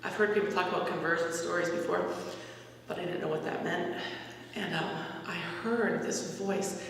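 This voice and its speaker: A woman's voice: lowish voice, steady tone, moderate pace, creaky. Woman testifying in an echoey hall. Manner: earnest, conversational, with frequent restarts. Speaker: campus minister giving a retreat talk. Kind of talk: personal testimony storytelling. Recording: echoey hall recording from far off.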